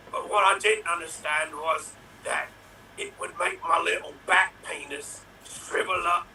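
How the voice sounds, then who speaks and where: A man's voice: high-pitched, sharp tone, heavily acted. A man doing a boastful washed-up movie star. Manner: rambling boastful monologue. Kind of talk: improv comedy character. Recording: distant mic with faint noise.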